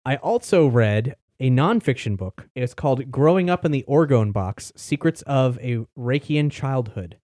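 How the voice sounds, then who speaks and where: A man's voice: medium pitch, lively intonation, unhurried, hardly any pauses, a little mellow, dry recording, clean studio sound. A man hosting a podcast, talking in a rambling, chatty way and casually swearing. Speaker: podcast host. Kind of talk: casual chat.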